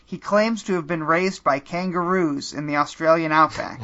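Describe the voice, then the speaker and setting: A man's voice: a little high, moderate pace, sharp tone. A man hosting a podcast, narrating a comedic choose-your-own-adventure story in a dry manner that sometimes cracks into laughter. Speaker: podcast host and game narrator. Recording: slightly muffled lo-fi audio.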